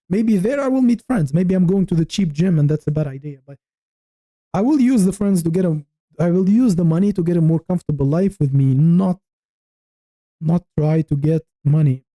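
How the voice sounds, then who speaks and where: A man's voice: on the high side, dark tone, dry recording, poor audio. A man in his thirties from Tunisia, a livestreamer chatting casually with viewers in a frank, rambling way, often restarting his sentences. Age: 30s. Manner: frank, rambling, thinking aloud with many restarts. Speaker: YouTube livestreamer.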